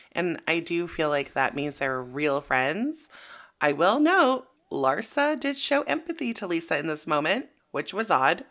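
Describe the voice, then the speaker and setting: A woman co-hosting a casual gossip podcast, sarcastic and animated. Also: low voice. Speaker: podcast co-host.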